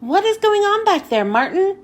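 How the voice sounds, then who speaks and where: A woman's voice: sits high, sing-song, a little slow. A woman doing a stern bus driver. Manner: firm, commanding.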